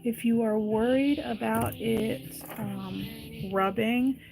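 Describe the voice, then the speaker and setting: A slightly high, creaky female voice guides a live wire-wrapping lesson at a slow pace. The jewelry maker chats easily, taking her time with each step and pausing to read and reply to viewer comments. Audio quality is poor, with music playing underneath.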